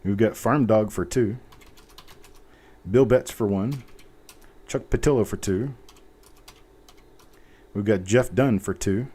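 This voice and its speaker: A man's voice: on the low side, slow, long pauses, mellow, breathy edge. A man hosting a live coin auction stream, chatting casually, poking fun at himself and reading out bidders while he types. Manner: chatty, self-mocking, reads out bidders while typing.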